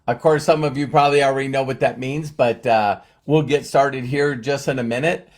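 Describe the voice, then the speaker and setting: In a steady tone and at normal speed, a male livestream host chats with his viewers and calls out their names. His voice is mid-range, and he often repeats words and fills gaps with fillers.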